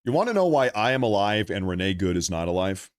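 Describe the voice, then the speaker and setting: A man's voice: on the low side, big pitch swings, fast talker, very noisy. A man hosting a live stream, giving blunt, opinionated commentary in a conversational way.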